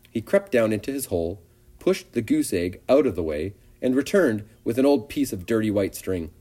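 A man reads a storybook aloud with expressive, animated narration. His voice is low and mellow. His pitch moves widely to bring the scenes to life. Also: normal speed.

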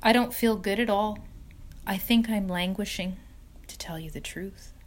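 A woman's voice: medium pitch, measured pace, lightly acted. A woman doing a weak, weary wise spider. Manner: gentle, quiet, slipping to a whisper. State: weak, tired voice. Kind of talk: storybook reading.

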